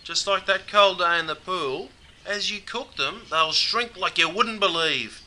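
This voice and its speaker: Bright matey Australian man explaining. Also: high-pitched, unhurried, a little hiss or hum. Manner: dry, matey, says mate constantly. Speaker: presenter. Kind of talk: scripted comedic explainer.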